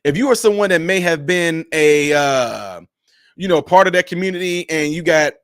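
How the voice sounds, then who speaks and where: A man's voice: fairly high pitch, expressive, moderate pace, smooth, no echo, studio quality. A man who is a minister, streaming and talking in a preachy, emphatic, repetitive cadence. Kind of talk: preachy livestream commentary.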